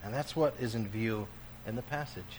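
A male pastor preaching a sermon, dropping to hushed, slow lines and then rising to loud, emphatic declarations. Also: lowish voice, a little hiss or hum. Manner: swings between hushed, slow passages and loud, emphatic bursts.

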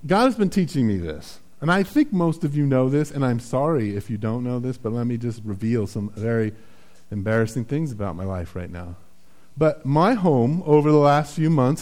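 A man's voice: medium pitch, a little mellow. A man preaching a sermon in a conversational, self-deprecating way, often checking in with "right?". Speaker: pastor.

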